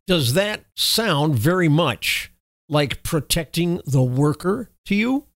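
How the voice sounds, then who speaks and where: A man hosting political commentary, reading news items in a formal, steady way and breaking off into sarcastic, scornful remarks. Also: high-pitched, dry recording. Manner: sarcastic, scornful asides with chuckles; reads official text in a steady, formal delivery.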